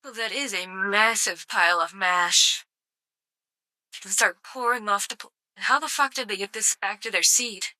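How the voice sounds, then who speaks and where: Bright, swearing woman streamer. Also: medium pitch, moderate pace, no room sound. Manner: sarcastic, swears freely, mock outrage. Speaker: live streamer. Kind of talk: casual live-stream commentary.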